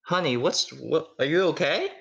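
A woman's voice: sits low, lively intonation, normal speed, creaky, husky, dull audio, voice pushed up, full character voice. A man voicing a flustered, doting middle-aged mother in a tabletop game, stammering as she fusses. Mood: fussing.

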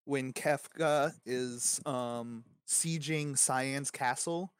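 Casual podcast co-host, male, mid-pitched, dry close sound, animated and profane. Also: extremely slow, smooth, no echo. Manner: animated, swearing, rambling with fillers. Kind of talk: casual gaming chat.

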